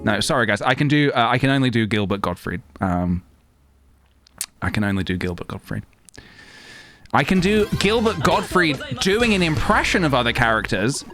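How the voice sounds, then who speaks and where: A man's voice: medium pitch, very animated, normal speed, music in the background. A man streaming a game, chatting casually and self-deprecatingly while thanking viewers. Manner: rambling, self-deprecating, thanks chat, reads game text aloud. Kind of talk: casual live-stream chat.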